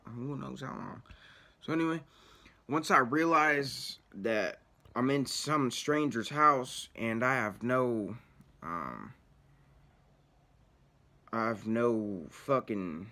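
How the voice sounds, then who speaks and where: A man's voice: medium pitch, sharp tone. A man telling a story casually, in rambling, profanity-heavy slang. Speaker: vlogger.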